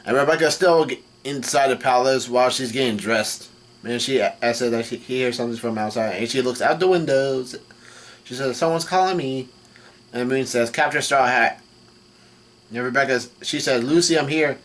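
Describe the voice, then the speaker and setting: Male vlogger, mid pitch, halting read-through recap, frequent restarts. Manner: halting, full of restarts and fillers, reads quoted lines flatly. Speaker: manga reaction vlogger. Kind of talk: casual recap while reading.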